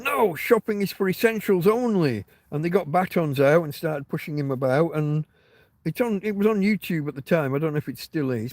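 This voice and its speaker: Hosting a laid-back livestream outdoors on private land, a man tells meandering, wry stories with plenty of cursing. His fairly high voice is a little mellow, and the recording sounds dry.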